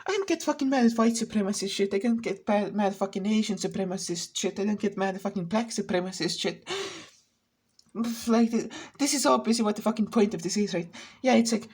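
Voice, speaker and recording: A woman's voice: medium pitch, a little fast, darkish tone, slightly rough. A woman vlogger in a rambling, profane rant, full of restarts and asides. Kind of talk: casual ranting commentary.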